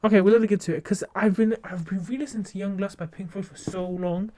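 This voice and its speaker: A young woman streamer in casual live-stream chat, talking quickly and rambling, with lots of fillers and restarts. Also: mid-range voice, steady tone, warm tone, no echo. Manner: rambling, fast and talkative with many fillers. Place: home streaming setup.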